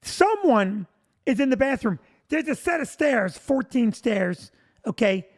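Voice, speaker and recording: A male comedian telling a long comic story, animated and breaking into shouted punchlines. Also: very high voice, a little slow.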